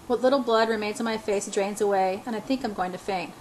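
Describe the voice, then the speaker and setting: A woman reading a novel aloud in a halting way, stumbling over words and restarting. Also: mid-range voice, darkish tone, slight background noise, low-quality recording. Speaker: audiobook reader.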